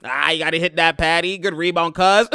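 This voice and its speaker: A young man reacts to basketball footage in loose, slang-heavy commentary, laughing a lot and jumping into squeaky impressions of players. His voice sits a little high and sounds bright and clean. The recording is close and dry. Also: fairly even intonation, fairly quick, clear, resonant tone, no room sound.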